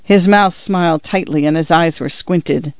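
A man narrating an audiobook in a measured, even manner. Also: fairly high pitch, no echo. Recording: dull lo-fi dry recording.

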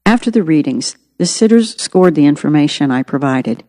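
A woman's voice: low-pitched, animated, normal speed, mellow, big-room sound. A woman narrating her own memoir as an audiobook, in an earnest, reflective way.

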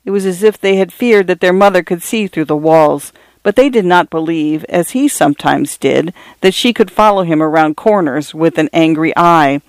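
Smooth, expressive audiobook narrator. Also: medium pitch, dry recording. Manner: measured, expressive reading. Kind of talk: scripted literary narration.

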